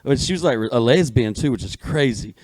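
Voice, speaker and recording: A man's voice: medium pitch, animated, brisk, a little mellow, dry recording. Rambling man telling stories. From Alabama. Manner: long rambling profane storytelling. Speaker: guest comedian. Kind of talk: casual podcast chat.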